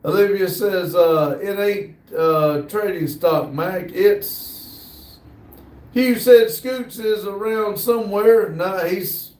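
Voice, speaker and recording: An American man hosting a livestream, casually reading viewer comments aloud in an easygoing, hesitant way with many pauses. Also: high-pitched, a little mellow, distant mic. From United States. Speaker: livestream host. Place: workshop building near a shop area. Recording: roomy sound, voice from off the mic.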